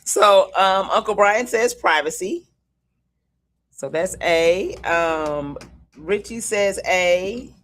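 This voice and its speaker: A woman co-hosting a community show, reading trivia questions slowly and deliberately and laughing often. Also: on the low side, a bit bright. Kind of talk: casual radio-style chat, game quiz.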